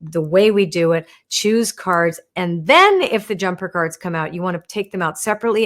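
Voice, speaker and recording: Woman chatting on a live stream, gentle and talky, keeps asking "right?". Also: on the low side. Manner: warm, chatty, explains gently with frequent "right?" and "you wanna". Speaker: oracle card reader hosting a live stream. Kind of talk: casual teaching live stream answering viewer questions.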